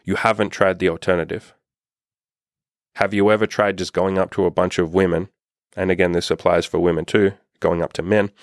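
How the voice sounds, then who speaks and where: Blunt deep-voiced man, dry close sound. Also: little pitch movement, a little fast, no room sound. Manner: blunt, profane, impassioned. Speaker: dating coach. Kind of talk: casual vlog monologue.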